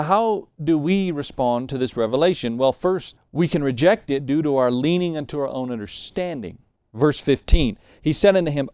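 Guy giving a sermon, clear resonant voice, talks it through like a conversation, dry recording. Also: mid-range voice, darkish tone, no echo. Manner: conversational preaching, acts out Bible figures' words. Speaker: pastor.

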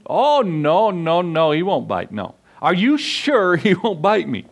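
A preacher putting on an eager little boy, chirpy and high, bouncing up and down in pitch as he insists the dog is fine. the voice is plainly raised above the speaker's own, and the reassurances tumble out quickly. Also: very animated, vocal fry, breathy edge, full character voice. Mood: reassuring. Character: eager young boy in a yard.

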